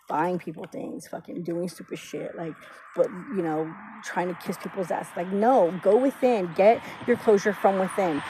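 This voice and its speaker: A woman's voice: medium pitch, warm tone, a little hiss or hum, rough recording. Rambling, swearing woman reading cards. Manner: rambling, swears freely, laughs often. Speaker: intuitive reader. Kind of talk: casual spiritual reading monologue.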